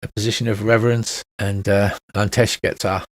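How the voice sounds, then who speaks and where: A man's voice: on the low side, little pitch movement, moderate pace, no room sound. A man narrating as game master for a tabletop game, hesitant and full of filler sounds.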